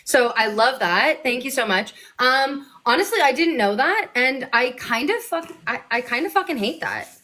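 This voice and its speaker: A woman with a high, bright voice chats as a guest. She reacts in an animated way, tossing out slang and swearing casually. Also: moderate pace, hardly any pauses. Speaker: guest actor. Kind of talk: casual chat.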